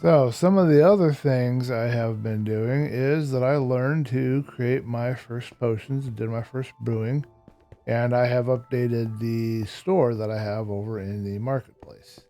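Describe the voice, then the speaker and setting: A man's voice: medium pitch, steady tone, measured pace, mellow, soft background music. A man giving casual Minecraft gameplay commentary, a little tired and yawning, who likes to explain each step as he builds. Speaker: Minecraft YouTuber.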